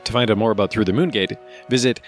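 A man reading a nonfiction book aloud as podcast host, in steady, measured scripted narration. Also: on the low side, faint music behind.

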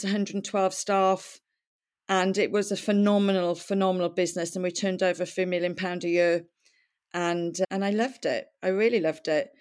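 A middle-aged woman from Wales, a podcast guest telling her life story in a chatty, candid way and laughing often. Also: medium pitch. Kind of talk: conversational storytelling.

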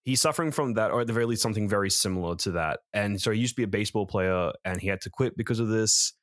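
A man's voice: fairly low pitch, racing, no echo, clean studio sound. A man co-hosting a podcast, reviewing films in a rambling casual chat, correcting himself and swearing freely. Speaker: podcast co-host, film reviewer.

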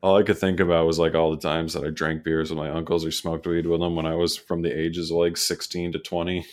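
A man in his thirties with a very deep voice tells laid-back, swearing stories in casual podcast banter. He sounds relaxed and conversational. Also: fast talker. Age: 30s. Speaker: podcast co-host. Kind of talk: casual chat.

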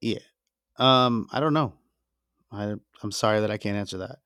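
A man with a lowish, smooth, slightly bright voice co-hosts a casual podcast at normal speed over a headset mic. He jokes crudely and swears freely, in a dry recording of studio quality.

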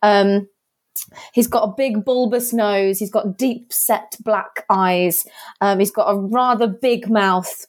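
A woman's voice: medium pitch, fairly even intonation, slow. Woman describing her game character. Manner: descriptive, frequent ums. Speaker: player.

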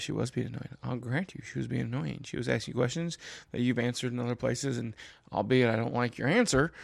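A man's voice: vocal fry, no room sound. A man from Kentucky hosting his own show, ranting about politics in a casual, exasperated way, his voice leaping up for emphasis. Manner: animated and exasperated, jumps high in pitch for emphasis. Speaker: political commentary show host. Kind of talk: casual solo political rant.

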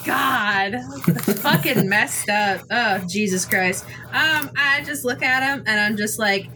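A young woman chats casually as a player in a tabletop game, swearing and reacting out loud. Her voice is bright and a bit high, and she takes her time. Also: takes it slowly, slight background noise. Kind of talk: casual role-play chat.

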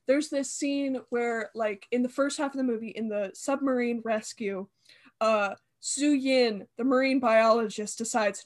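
A woman's voice: on the high side, measured pace. Chatty woman recapping a movie. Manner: chatty, recaps scenes with wry asides. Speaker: podcast co-host. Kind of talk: casual movie chat.

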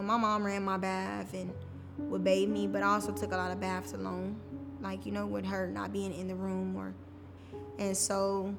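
Woman telling her story casually, lots of likes, mid pitch, echoey room w soft music. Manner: casual, frequent "like" fillers. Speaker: podcast guest. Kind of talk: candid personal storytelling. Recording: reverberant room with faint music.

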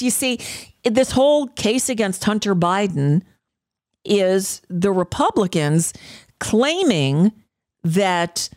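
A woman's voice: mid-range voice, no echo, clean studio sound. A woman hosting a radio talk show, giving a blunt, profane, sarcastic political monologue with frequent fillers and restarts.

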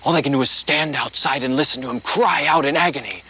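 A man voicing a gruff campfire storyteller in a put-on accent, telling a camp legend in a low, hushed manner that keeps slipping into whispers. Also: fast, a little hiss or hum, lightly acted, poor audio. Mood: rising frenzy. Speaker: podcast co-host.

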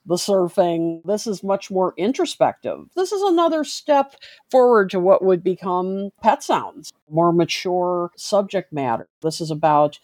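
Woman, podcast co-host, low voice, slow pace, dry close sound, enthusiastic. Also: big pitch swings, darkish tone, no room sound. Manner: enthusiastic, measured. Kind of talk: casual music chat.

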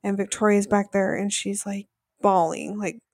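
A woman's voice: mid-range voice, steady tone, moderate pace, a little mellow, no room sound, studio quality. A woman co-hosting a podcast, casually and animatedly retelling a reality show episode, saying "like" often. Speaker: podcast co-host.

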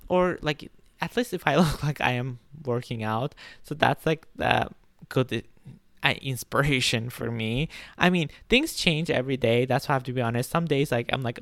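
A young man talks on his own podcast in a loose, rambling way, stacking fillers and restarting his sentences. His voice has a gravelly edge at a middle pitch. The sound is dry and close, with no room around it. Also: fairly bright tone, dry recording. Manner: laughs between phrases. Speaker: podcast host. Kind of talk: casual solo podcast talk.

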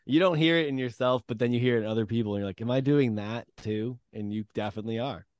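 A man's voice: medium pitch, steady tone, very fast, clean tone, no room sound, studio quality. A man hosting a podcast in casual chat, wry and a little hesitant, with frequent fillers. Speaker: podcast host.

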